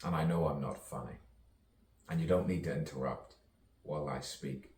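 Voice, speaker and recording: A man's voice: rumbling low, normal speed, a little mellow, slight background noise. A man, a poet, rambling playfully through an improvised monologue full of rhyming wordplay and chuckles. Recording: roomy, distant mic, faint ambience.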